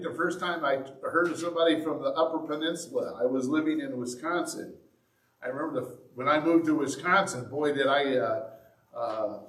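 A man's voice: a little high, a bit bright. A man with a Southern Indiana accent, preaching a sermon as a pastor in a folksy, joking way. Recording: roomy sound from a distance.

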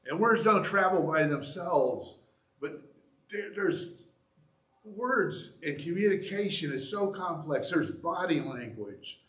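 A man preaching a sermon, animated and acting out little examples as he goes. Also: fairly high pitch, slow. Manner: animated, acts out examples with shifts in loudness. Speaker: pastor. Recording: echoey room.

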